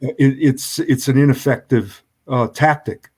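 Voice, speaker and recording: A man speaking as a guest in a discussion, who talks haltingly with many hesitations and restarts. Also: mid-range voice, steady tone, darkish tone, breathy edge. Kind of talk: conversational debate.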